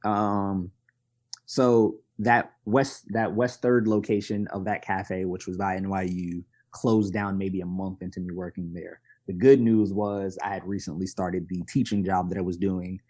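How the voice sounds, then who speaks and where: A man, a podcast guest telling stories in a candid, animated, self-deprecating way. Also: low voice, measured pace. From Brooklyn, New York. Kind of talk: conversational storytelling.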